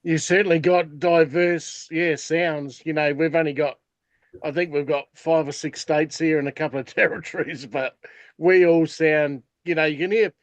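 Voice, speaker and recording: Speaking at a moderate pace in a fairly even, higher-side voice, an Australian podcast co-host chats casually. The recording is dry, and his talk rambles with plenty of "you know" fillers.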